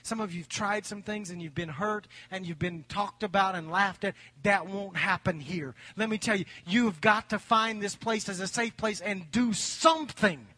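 High, bright-voiced preaching man. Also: normal speed, few pauses, dry recording. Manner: swings from loud preaching to hushed whispers. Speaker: pastor. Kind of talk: sermon. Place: church sanctuary.

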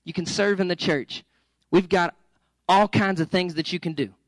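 A male pastor preaching a sermon in a lively, joking, conversational way that coaxes the congregation. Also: high-pitched, normal speed, no room sound, rough recording.

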